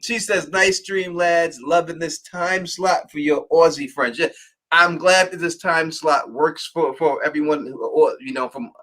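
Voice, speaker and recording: Casting: bright, higher-pitched American male host, loose and jokey. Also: steady tone, unhurried. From United States. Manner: loose, laughing, swears casually. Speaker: podcast host. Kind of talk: casual livestream chat.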